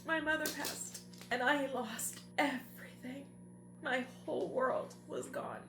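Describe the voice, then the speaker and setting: A woman's voice: high voice, unhurried. Heartfelt woman guest, echoey, music behind. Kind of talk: casual conversation.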